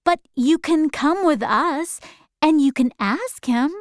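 A woman voicing a kind, polite young girl in a storybook reading, speaking slowly and clearly. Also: high-pitched, lively intonation, dry recording, studio quality, pitched above the performer's own voice.

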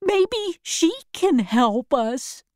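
A friendly scarecrow, voiced by a woman reading a storybook, warm and grateful. He sits well above her usual pitch, and his lines drag slowly. The recording is close and dry. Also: very animated, no room sound, exaggerated voice. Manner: warm, raised voice.

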